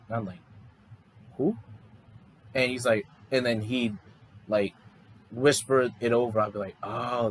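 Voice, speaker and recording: Rambling low-voiced man telling a story. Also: slight background noise, low-quality recording. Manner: rambling, loose, full of "like" and restarts. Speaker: fan storyteller. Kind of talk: casual improvised storytelling.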